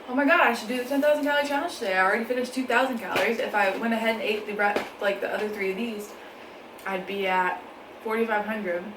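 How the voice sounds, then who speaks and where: A young woman chatting casually in a mukbang vlog, laughing often and talking between bites at home. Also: mid-range voice. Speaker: vlogger. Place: home, indoors. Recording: echoey room, faint background noise.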